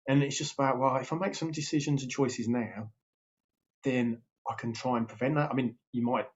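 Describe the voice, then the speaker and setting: A man's voice: medium pitch, steady tone, normal speed. A man, a health and weight loss coach, talking casually and checking in with his listeners as he goes. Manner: chatty, keeps checking in with "yeah?". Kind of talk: casual motivational talk to camera. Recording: slightly dull lo-fi sound.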